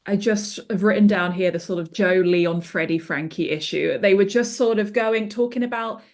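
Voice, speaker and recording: A woman co-hosting a podcast as a guest, giving thoughtful, measured commentary in casual chat. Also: medium pitch, a little mellow. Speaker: guest co-host.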